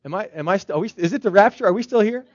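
High-voiced male pastor preaching conversationally. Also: lively intonation, very fast, dry recording. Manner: conversational preaching, strings of rhetorical questions. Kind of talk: sermon. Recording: slightly dull, dry recording.

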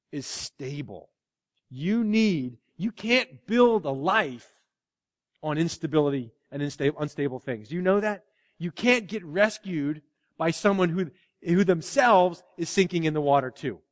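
Male pastor, sermon, fairly high voice, animated and dynamic. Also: in a large hall. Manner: animated, swinging from loud exclamations to hushed asides.

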